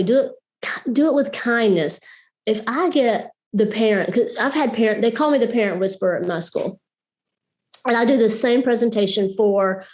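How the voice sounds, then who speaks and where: A woman's voice: mid-range voice, a little mellow. A woman teacher, chatting casually as a guest speaker and acting out quoted voices. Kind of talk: casual online talk.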